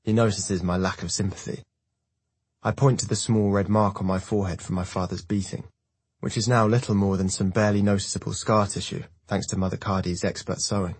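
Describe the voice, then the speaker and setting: Man narrating a novel in first person, low and husky, dry close sound. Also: steady tone, a little fast, darkish tone, no echo. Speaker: audiobook narrator. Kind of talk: scripted narration.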